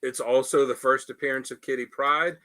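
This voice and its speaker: Bright-voiced wry male co-host. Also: mid-range voice, fairly even intonation, fairly quick. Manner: wry quips. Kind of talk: casual chat.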